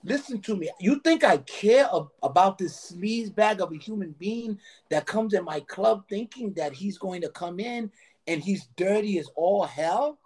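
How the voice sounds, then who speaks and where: A sneering nightclub manager who heaps scorn on the people waiting in line, put on by a man telling the story. His voice sits high and swings widely up and down, and he talks with a rough, husky edge. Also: animated, unhurried, darkish tone, heavily acted. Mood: scornful. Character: sleazy insulting male nightclub manager.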